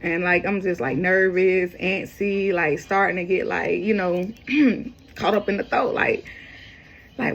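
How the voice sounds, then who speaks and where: A woman telling a personal story in a loose, rambling way, jumping up in pitch when she quotes people. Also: fairly even intonation, a little slow, muffled recording. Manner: casual, rambling, quoting others with raised pitch. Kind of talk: casual storytelling.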